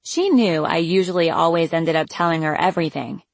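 Young woman, audiobook narrator, wry casual first-person reading, lowish voice, dry close recording. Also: fairly quick, no echo.

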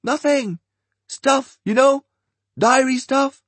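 A man's voice: very high-pitched, slow pace, slightly rough, no echo, voice pushed up, full character voice. A man doing a blunt teenage girl. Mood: defensive.

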